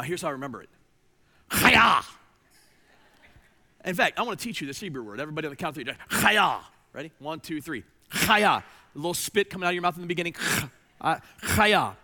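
A male pastor delivers a sermon in a high, bright voice. He preaches with emphasis, rising loud and dropping to a hush, repeating words when he presses a point.

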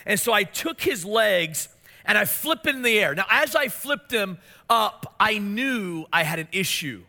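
A man's voice: high voice, unhurried. A man in his forties preaching a sermon, telling family stories and asking his listeners questions. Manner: storytelling, animated, asks the congregation questions. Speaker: pastor.

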